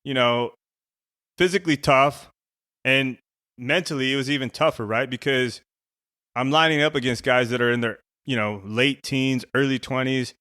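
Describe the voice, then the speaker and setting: With a sharp, clear and resonant tone at medium pitch, this former Navy SEAL, a middle-aged coach, relays a personal story at a normal speed. The podcast chat is loose and packed with "you know" and "right," and the studio sound is clean with no room noise.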